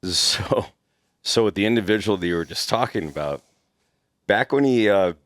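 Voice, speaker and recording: A man, a former executive protection agent, telling stories in a casual podcast chat, animated, laughing and swearing freely. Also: lowish voice, moderate pace, no echo.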